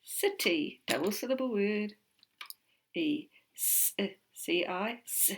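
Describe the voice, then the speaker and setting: A woman with a New Zealand accent teaching an online phonics lesson from home, slowly sounding out letters and words. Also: mid-range voice, lively intonation, slightly rough. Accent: New Zealand English.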